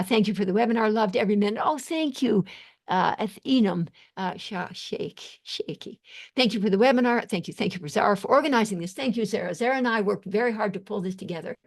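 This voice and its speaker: Older woman effusively thanking webinar viewers. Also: mid-range voice. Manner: warm-voiced, effusive thanks, halting restarts. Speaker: psychiatrist hosting a webinar Q&A. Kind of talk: live webinar Q&A, reading chat comments.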